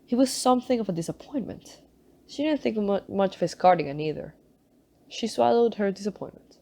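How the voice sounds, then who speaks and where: A woman reading a novel aloud in a relaxed way, with occasional self-conscious asides. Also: medium pitch, fairly quick. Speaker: reader.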